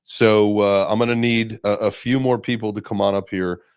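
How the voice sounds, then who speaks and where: A man's voice: fairly low pitch, moderate pace, clear, resonant tone, dry recording, studio quality. A man hosting a casual online chat, talking loosely with plenty of fillers and restarts. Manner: relaxed, rambling, many fillers. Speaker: host.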